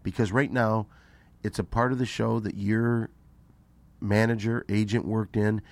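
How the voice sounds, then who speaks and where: A man's voice: lowish voice, little pitch movement, measured pace, dry recording. A man hosting a comedy podcast, bossy and teasing, pushing his co-host along. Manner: bossy, teasing, often whispering asides. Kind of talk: casual comedic podcast banter.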